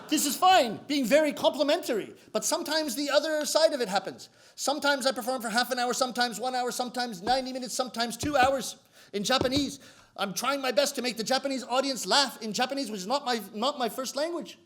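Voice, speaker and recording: A man's voice: very high voice, fast, a bit bright. A Canadian man in his forties with a Canadian English accent, telling self-mocking comic stories on stage in a chatty way. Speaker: rakugo comedian.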